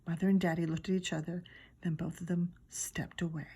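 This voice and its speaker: A woman teacher reading a children's chapter book aloud, lively and giggly as she tells the story. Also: fairly low pitch, fairly quick, breathy edge.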